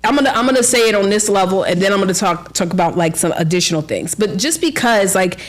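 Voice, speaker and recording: A woman who is an author and book coach, chatting as a podcast guest, full of fillers and quick to laugh. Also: medium pitch. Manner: chatty storyteller, lots of "like" fillers, laughs often. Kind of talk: casual interview chat.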